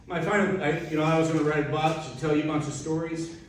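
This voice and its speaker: A man delivers a chatty, heartfelt eulogy, turning to speak straight to the widow and the mourners. His voice sits at an ordinary pitch. It is picked up from well back in a big, echoey hall, with a faint hiss behind it. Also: steady tone, quick pace. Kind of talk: informal eulogy at a memorial. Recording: echoey hall from a distant mic, faint noise.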